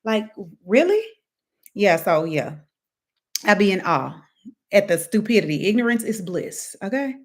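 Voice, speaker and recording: A young woman hosting a casual live stream, chatty and animated, reading viewer comments and laughing often. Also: mid-range voice, measured pace, long pauses.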